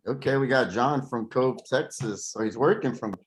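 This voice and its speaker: A man's voice: mid-range voice, moderate pace, crowd noise. A man hosting a webinar, greeting viewers in easygoing casual chat over a video call. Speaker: webinar host.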